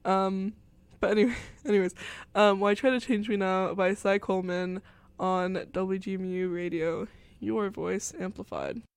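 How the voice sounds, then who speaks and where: A woman's voice: mid-range voice, fairly even intonation, a little slow. A young woman hosting a college radio show, chatting in a rambling, giggly way full of fillers. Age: young adult. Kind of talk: casual chat.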